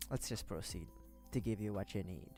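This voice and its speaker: A man's voice: lowish voice, moderate pace, a little mellow, soft background music. A young man from the Philippines rambling in a chatty, self-deprecating way while building a model kit on a livestream. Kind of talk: casual chat.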